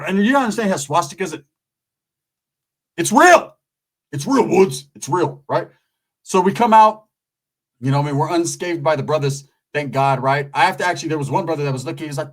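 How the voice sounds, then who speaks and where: A man from California's Central Valley telling a profane comedic story, animated and constantly asking "right?". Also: a little high, fast.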